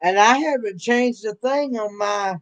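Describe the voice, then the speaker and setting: A man's voice: high-pitched, dry recording. A man in a casual chat, talking hesitantly with many restarts. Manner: hesitant, unsure, slow. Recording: dull dry lo-fi sound.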